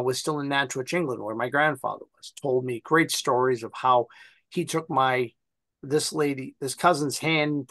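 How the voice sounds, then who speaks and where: An American man on a panel, telling family stories in a casual, animated way and acting out the voices of people he quotes. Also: medium pitch, no echo. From United States. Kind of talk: casual storytelling.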